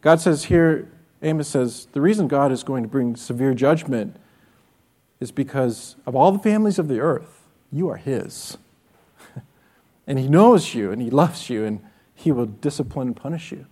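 A man's voice: mid-range voice, animated, normal speed, a little mellow. A man preaching a sermon as pastor, earnest and direct, often asking his listeners rhetorical questions. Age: adult with children.

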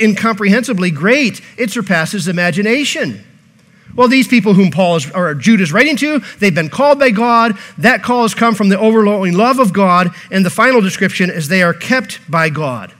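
A man's voice: high-pitched, expressive, moderate pace, fairly bright tone. A pastor preaching a sermon, earnest and repeating key phrases, posing rhetorical questions to his congregation.

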